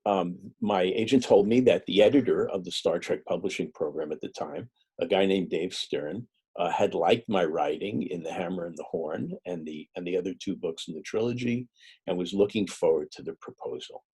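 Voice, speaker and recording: A middle-aged man speaking as an author at a public talk, his voice low and mellow. His storytelling is relaxed and halting, and he breaks into the voices of the people he quotes. The tone has a soft, husky grain.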